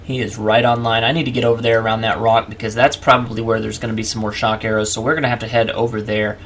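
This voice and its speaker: A man's voice: lowish voice, level tone, quick pace, fairly bright tone, slight background noise. A man hosting a let's play, chatting casually and narrating each move to the viewer. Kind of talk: casual gameplay commentary.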